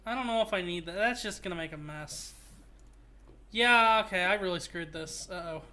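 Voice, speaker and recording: A man's voice: sits high, normal speed, bright, forceful tone. A man hosting a gaming stream, chatting casually and rambling through jokes. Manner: rambling, joking, restarts phrases. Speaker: streamer host.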